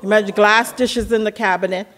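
Casual storytelling, medium pitch, relaxed and chuckling. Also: a little fast. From Bermuda. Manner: relaxed, laughs while telling, acts out voices.

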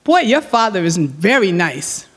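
A talkative male van driver makes earnest small talk, stretching out his words, as a woman quotes him. The tone stays close to her own everyday voice, slow and plain. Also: mid-range voice, sing-song. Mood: chatty.

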